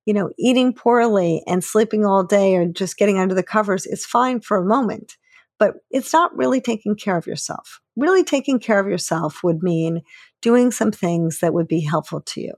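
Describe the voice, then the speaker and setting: Calm encouraging woman podcast host. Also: mid-range voice, normal speed, dry recording, clean studio sound. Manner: calm, encouraging, gives everyday examples. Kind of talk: explanatory podcast monologue.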